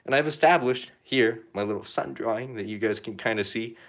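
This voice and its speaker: A man's voice: medium pitch, a little fast, gravelly, a bit bright. A young man chatting casually on a painting livestream, rambling and joking with lots of fillers. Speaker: art livestreamer.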